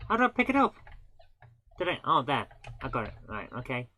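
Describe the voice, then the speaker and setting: A woman with a bass voice hosts a live gaming stream, talking fairly quickly in a bright, forceful tone with big swings in pitch. Chatty and self-mocking, she laughs often at her own mistakes during casual gameplay commentary, with a little hiss or hum in the audio.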